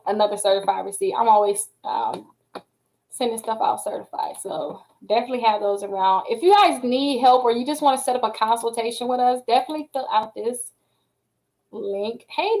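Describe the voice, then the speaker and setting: Woman, high voice, chatty, animated, casual live-stream coaching. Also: rough recording. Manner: chatty, animated, addresses viewers as y'all. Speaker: credit repair coach.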